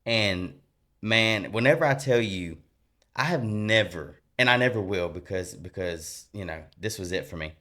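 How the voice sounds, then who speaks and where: As a podcast guest, a man shares his personal faith testimony at normal speed in a fairly low voice. He's earnest and animated, colloquial and rambling, with many restarts.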